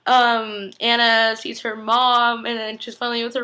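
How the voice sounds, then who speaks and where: A woman's voice: a little high, little pitch movement, moderate pace, hardly any pauses, pushed and bright. A young woman recapping a TV episode in a chatty, gushing way, emotional and close to tears, peppering her talk with "like" and acting out quotes. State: teary, on the verge of crying. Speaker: TV recap vlogger.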